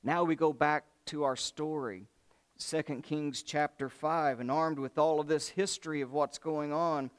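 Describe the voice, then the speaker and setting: A man's voice: a little high, steady tone, unhurried, smooth. A man preaching a sermon, retelling a Bible story in a casual, colloquial way and acting out the characters' lines.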